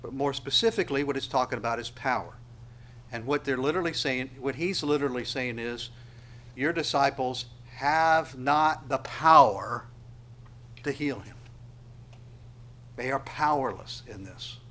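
Impassioned preacher man, rising to loud peaks. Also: mid-range voice, moderate pace. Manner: explains word by word, asks listeners to underline. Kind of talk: expository sermon.

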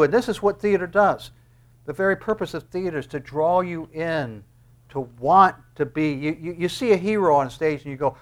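An older man preaching a sermon, swinging from hushed asides to loud, impassioned lines and acting out quoted voices. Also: on the high side, fairly quick.

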